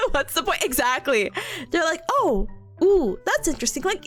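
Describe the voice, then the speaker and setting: Giggly high-voiced woman streamer. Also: wildly swooping pitch, normal speed, sharp tone, faint music behind. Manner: bubbly, giggly, rambling. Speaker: VTuber streamer. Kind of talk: casual stream chat.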